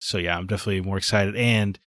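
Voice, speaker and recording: Low-voiced guy ranting about games, blunt and opinionated, dry close mic. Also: fairly even intonation, fast, fairly bright tone, no room sound. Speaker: podcast co-host. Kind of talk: casual chat.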